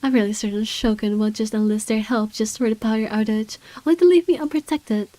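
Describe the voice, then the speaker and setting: A sardonic, short-tempered wealthy man tells his own story in a visual novel, read aloud by a woman. The voice is mellow and a little high, with a dry, close sound and no room echo. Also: fairly quick, natural voice. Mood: wary. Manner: dry, sardonic first-person narration. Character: irritable wealthy man with guards and a gun.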